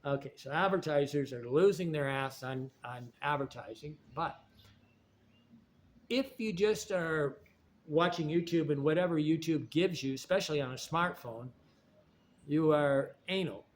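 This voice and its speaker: Rambling man with a higher voice. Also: measured pace, slight background noise. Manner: digressive, restarts sentences. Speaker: video essayist. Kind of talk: rambling spoken monologue.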